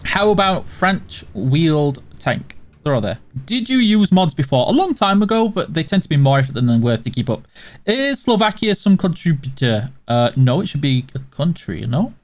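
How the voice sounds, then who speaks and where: A man's voice: on the high side, big pitch swings, normal speed. Chatty Yorkshire man hosting a stream. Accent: Yorkshire (Barnsley area). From Yorkshire, England. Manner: chatty and rambling, with frequent restarts. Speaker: stream host. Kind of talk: casual livestream chat answering viewer questions while gaming.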